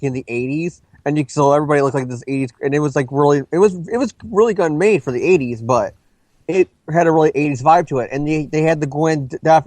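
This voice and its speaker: Rambling man, higher voice, dry sound. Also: darkish tone, dry recording. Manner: rambling, fast, many restarts and self-corrections. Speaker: co-host of a movie review show. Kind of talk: casual review chat.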